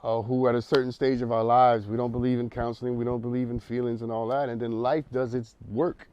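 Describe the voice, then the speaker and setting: A man's voice: mid-range voice, flat delivery, fairly quick, a little mellow, clean tone, no room sound, highs cut off. A man hosting a counseling talk show, speaking emphatically in a preacherly way and repeating words as he builds a point.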